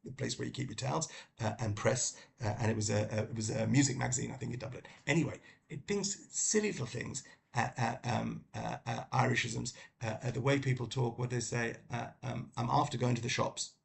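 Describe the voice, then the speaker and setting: A middle-aged man from London with a British accent, talking about books in a casual review, halting with many ums and restarts. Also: medium pitch, creaky, a little hiss or hum. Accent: British English. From London, England. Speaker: book vlogger. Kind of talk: casual book review talk.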